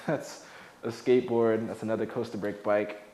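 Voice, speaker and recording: A young man who used to be homeless gives a casual, joking tour of his own apartment indoors. His voice is fairly low and darkish in tone, with a flat, unhurried delivery. He's chatty and laid-back, filling his talk with lots of "like."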